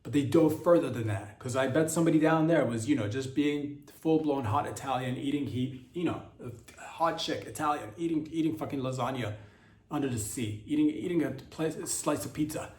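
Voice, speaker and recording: A man's voice: mid-range voice, a little fast, a little mellow. A man hosting a comedy podcast, riffing in a rambling, crude monologue packed with fillers and self-corrections. His voice sits mid-range, with a roomy echo around it. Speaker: podcast host.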